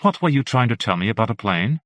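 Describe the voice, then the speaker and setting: A man reading aloud and voicing a young woman on holiday, with a soft, gently teasing manner in a storybook reading. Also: mid-range voice, very animated, fast talker, no room sound, studio quality. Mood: cool teasing.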